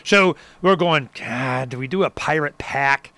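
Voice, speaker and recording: A man from Arizona, unhurried and mid-range in pitch, spins animated stories during casual political talk. He acts out other people's words and whoops from time to time.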